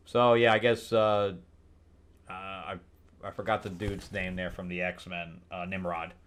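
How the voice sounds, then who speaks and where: A man's voice: lowish voice, steady tone, a little slow. Sarcastic, rambling comic reviewer man. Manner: sarcastic, rambling with many restarts. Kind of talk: casual comic recap.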